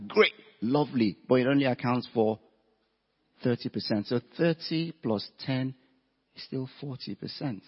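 In an echoey hall, captured with dull lo-fi audio, a man gives an evening seminar talk on careers, using slides. His voice sits at medium pitch with a breathy edge and a moderate pace, and he pushes his points home with rhetorical questions.

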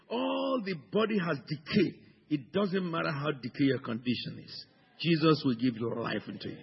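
Husky, gravelly preacher man in a reverberant hall. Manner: swings from low murmurs to loud, high exclamations. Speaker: pastor. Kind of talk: sermon. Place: church in London. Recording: dull sound with long hall reverb.

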